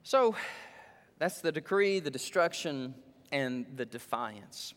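Preacher guy, kinda high voice, rises and drops hard as he preaches, big echoey church. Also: lively intonation, slow, fairly bright tone. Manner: impassioned preaching, voice surging up for emphasis and dropping low. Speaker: pastor. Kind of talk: sermon. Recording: long hall reverb.

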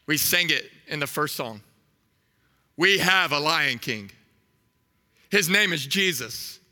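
A man in his thirties preaching a sermon, telling a story with animated energy and asking the crowd questions. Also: a little high, slow, in a large hall.

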